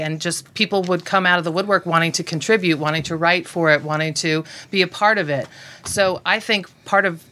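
Raspy woman, bright forceful voice. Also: lowish voice. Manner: relaxed storytelling with many um fillers. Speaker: guest, blog founder. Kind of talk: podcast interview conversation.

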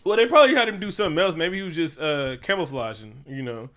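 A man's voice: a little high, expressive, fast talker, fairly bright tone. A man co-hosting a casual movie review chat, profane and joking, acting out scenes in silly voices. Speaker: podcast co-host.

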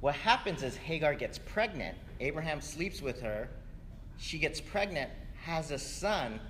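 Slow-talking man preaching in a hall. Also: fairly high pitch, very animated, a bit bright, a little hiss or hum. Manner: conversational, keeps asking "right?". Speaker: pastor. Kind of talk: sermon. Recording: echoey hall, faint ambience.

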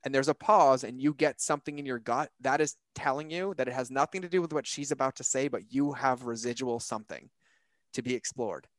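A man's voice: mid-range voice, a little fast, no room sound. A man talking earnestly on a podcast about self-reflection, conversational, with lots of "like" and "right?" in his speech.

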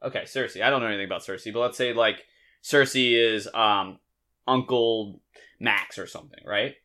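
A man co-hosting a podcast in easy, casual chat. His voice rings bright and forward, and he rambles along in an animated, joking manner. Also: on the low side, moderate pace. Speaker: podcast co-host.

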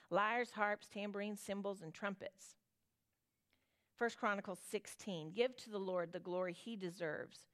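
A woman's voice: mid-range voice, fairly bright tone. A woman in her forties with a Southern accent, teaching a Bible study in a conversational way, reading scripture aloud and chatting with her listeners. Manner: reads scripture aloud, then chats with the audience in a homey way.

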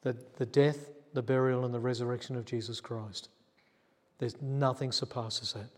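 A man's voice: mid-range voice, steady tone, moderate pace. Chatty man preaching in a reverberant hall. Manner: chatty, acts out quotes, laughs at himself. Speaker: pastor. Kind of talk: storytelling sermon. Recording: long church reverb.

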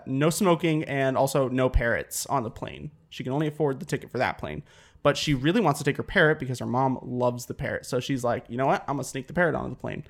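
A young man hosting a casual podcast, telling a long joke in a meandering way full of "like" and "um". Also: medium pitch. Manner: meandering, full of "like" and "um", laughs at his own jokes. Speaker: podcast host.

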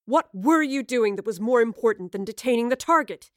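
A poised female supreme commander, read by a woman, speaking in a calm, arch, clipped tone that expects obedience. The timbre is set apart from the narrator's. The storybook recording is dry and close. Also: fairly high pitch, fairly quick, no echo, lightly acted. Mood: commanding. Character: tall cool-headed female supreme commander.

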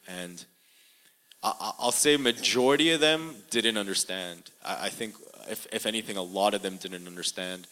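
A young man sharing a personal testimony in an interview, earnest and halting, full of fillers and restarts, in a room with a live audience. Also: lowish voice, sharp tone, low-quality recording.

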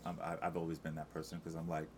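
Very deep-voiced chatty man. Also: completely flat delivery, quick pace, a little hiss or hum. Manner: chatty, rambling with many restarts and fillers. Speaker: Broadway actor, guest. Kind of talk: casual interview chat.

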